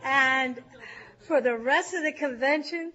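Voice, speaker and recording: A woman with a high, bright voice tells a story to a group, animated and quick to laugh. Her voice comes through a dull, lo-fi recording. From California. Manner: lively, laughs often, acts out shouting crowds. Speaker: speaker sharing a recovery story.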